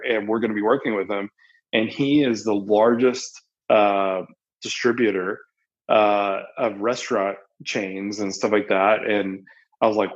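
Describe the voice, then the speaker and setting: A man's voice: lowish voice, lo-fi sound. A man on a podcast, chatting casually and telling stories with lots of fillers and restarts. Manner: rambling, animated storytelling with many fillers.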